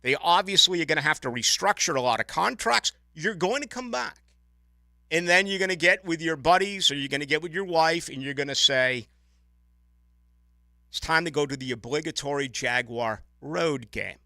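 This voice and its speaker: A man hosts a late-night sports radio show, ranting in a lively, opinionated way. His voice is very bright and a touch high for a man. The studio sound is close and dry. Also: brisk, vocal fry, no room sound. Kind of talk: casual radio chat. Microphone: studio microphone.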